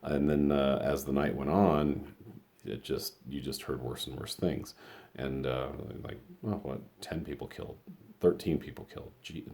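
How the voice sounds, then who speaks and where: A man's voice: a bass voice, steady tone, normal speed, a little mellow. A middle-aged man from Colorado telling a story in a casual, rambling way, full of fillers and blunt, profane asides. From Colorado, USA. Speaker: vlog host.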